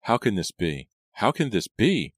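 A man's voice: on the low side, very animated, measured pace, no room sound, studio quality, pitched above the performer's own voice. A man reading aloud and voicing a jealous, distraught young woman in an audiobook, with trembling outbursts.

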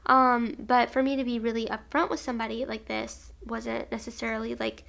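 A woman's voice: a little high, little pitch movement, brisk, fairly bright tone. A woman in her twenties telling a personal story in a casual, rambling way, full of "like" and restarts. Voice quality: vocal fry. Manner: rambling, filler-heavy with frequent "like".

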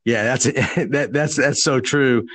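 Halting male podcast host, dry sound. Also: medium pitch, steady tone, a bit bright, dry recording. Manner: halting, repeats words. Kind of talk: casual interview chat.

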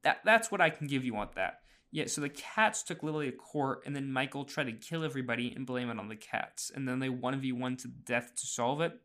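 A chatty man talking through a casual podcast recap at a middle pitch. He fills pauses with "uh" and restarts his sentences, and small laughs slip in. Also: bright, forceful tone. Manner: chatty, laughs often, many fillers and restarts. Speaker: podcast host.

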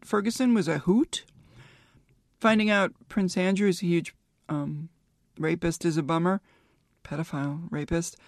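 A woman's voice: medium pitch, no room sound, clean studio sound. Rambling, profane woman podcaster. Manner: rambling, candid and profane, thinking aloud. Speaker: podcast host. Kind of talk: casual solo podcast chat.

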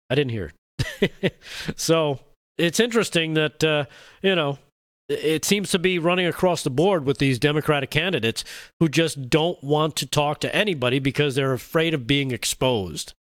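A man hosting a casual political talk show, talking in halting starts with many restarts. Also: on the high side, dry recording, clean studio sound.

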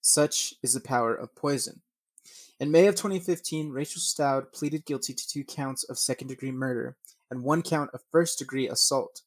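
A man with a mid-range voice and normal pace narrates true crime cases with no room sound. He reads from news articles, then rants bluntly with swearing, often stumbling and restarting over names.

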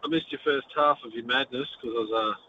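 A man's voice: mid-range voice, quick pace, sharp tone. A man with a New Zealand accent, calling a sports radio show and chatting with easy laughs. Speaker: caller. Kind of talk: talkback call. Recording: dull phone audio with faint noise.

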